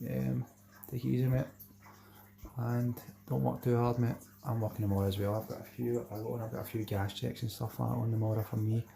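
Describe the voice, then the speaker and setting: This Scottish man from Glasgow runs a laid-back fishing livestream, reading out viewer names and saying "mate" all the time as he chats with them. His medium-pitched voice is flat and mellow with vocal fry, and he talks a little fast.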